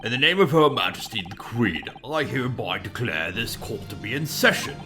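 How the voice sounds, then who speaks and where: A man's voice: medium pitch, animated, close to an everyday voice. A man voicing a stern, formal older male judge, reading game dialogue aloud with game music underneath. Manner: formal, measured.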